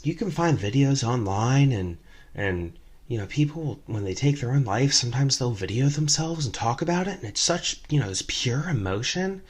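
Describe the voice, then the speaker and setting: A man's voice: medium pitch, expressive, normal speed, slightly rough, pitched above the performer's own voice. A man on a storytelling podcast voicing a drunk, chatty woman who rambles dreamily about death. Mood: eerie musing.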